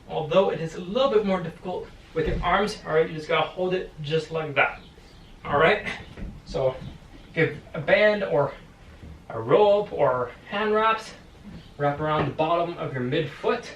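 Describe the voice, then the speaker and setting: A man's voice: fairly high pitch, a little slow, fairly bright tone, slight background noise. A male boxing fitness coach leading a home stretching workout, counting holds aloud with encouraging cues and sounding a little out of breath. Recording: echoey room, mic at a distance.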